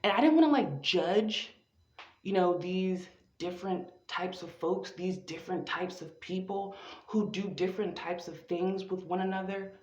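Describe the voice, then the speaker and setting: A woman performing a profane, theatrical spoken-word monologue with drawn-out phrasing. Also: lowish voice, darkish tone. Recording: echoey, dull lo-fi room recording.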